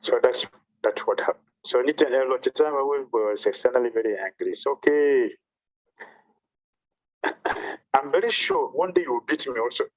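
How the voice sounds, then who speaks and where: A male monk tells a devotional story in a sermon, repeating phrases as he goes. His pitch is mid-range but his delivery swings widely up and down. The sound is muffled and lo-fi, like an online stream. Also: animated, moderate pace. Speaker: monk giving a talk.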